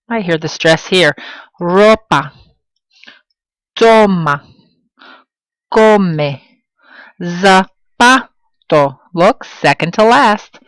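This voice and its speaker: A woman's voice: on the low side, no echo, low-quality recording. Woman teacher sounding out Spanish words. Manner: slow, emphatic pronunciation of example words. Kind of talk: classroom lesson.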